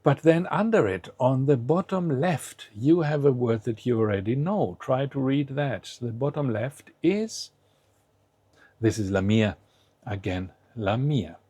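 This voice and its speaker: Man, language teacher, patient step-by-step explaining, husky voice, dry close sound. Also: medium pitch, expressive, a little slow, mellow, no echo. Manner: patient, prompts the learner to try each word first. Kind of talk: explaining a lesson to the viewer.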